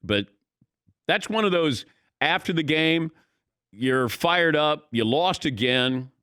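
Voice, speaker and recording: A man's voice: fairly high pitch, animated, slow, pushed and bright, smooth, no echo, studio quality. A man hosting a sports talk radio show, giving conversational, opinionated commentary.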